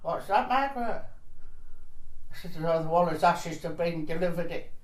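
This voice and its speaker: A woman's voice: lowish voice, animated, moderate pace, recorded from a distance. An older woman, telling cheeky anecdotes in a chatty interview and laughing between stories. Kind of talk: casual storytelling. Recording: roomy sound, voice off-mic.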